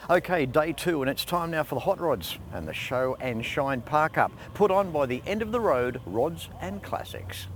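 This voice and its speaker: A man's voice: on the high side, normal speed, hardly any pauses. An Australian man hosting a motoring show, talking and narrating with enthusiasm. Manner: enthusiastic, lively presenter delivery. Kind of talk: presenter narration. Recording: music bed underneath.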